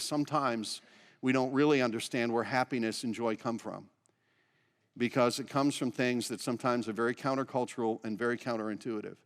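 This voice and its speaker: A man preaching a conversational sermon at a medium pitch, earnest and direct with his congregation. His voice carries a long reverb from a church sanctuary. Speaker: pastor.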